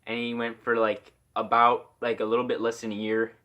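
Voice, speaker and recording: A man's voice: mid-range voice, flat delivery, fairly quick, bright, forceful tone. A young man from Iowa telling a casual story-time tale, rambling with lots of "like" fillers.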